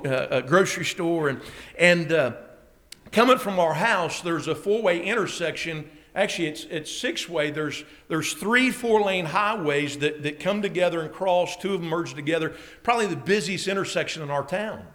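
High bright-voiced preacher man. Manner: storytelling, rising to shouting excitement. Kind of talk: sermon illustration story.

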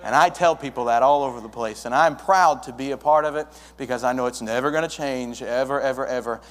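A man's voice: mid-range voice, a little fast. A young man planting a church, telling his story to a congregation in a folksy way and acting out the dialogue. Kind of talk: testimony to a congregation. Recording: long hall reverb.

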